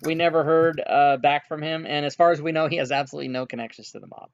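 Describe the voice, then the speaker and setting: A man's voice: on the high side, fairly even intonation, fast, lightly acted. A man voicing a friendly male furbolg healer with polite, pleading formal speech, on a dull, dry lo-fi recording. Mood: earnest.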